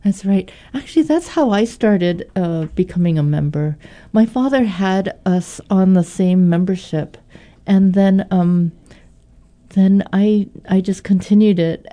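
Chatty woman radio host, mellow tone. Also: on the low side. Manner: chatty, upbeat, with fillers. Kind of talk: pledge drive radio hosting. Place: radio studio.

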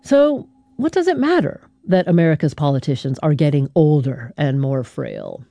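A woman hosting a radio news show, reading a scripted narration in a measured, deliberate way with dramatic pauses. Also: sits low, huge pitch swings, vocal fry, noisy background.

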